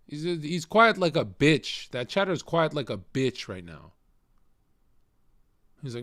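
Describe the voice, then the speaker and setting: A man's voice: mid-range voice, animated, unhurried, fairly bright tone, dry recording, clean studio sound. A man live streaming, ranting angrily and hurling mocking, profane insults at a viewer in chat. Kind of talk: angry rant at a chat viewer.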